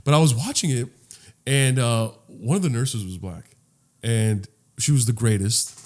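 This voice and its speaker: A man hosting a podcast, telling a rambling, animated story full of restarts and casual swearing. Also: mid-range voice, a little slow. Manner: swears freely. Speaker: podcast host. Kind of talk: casual chat.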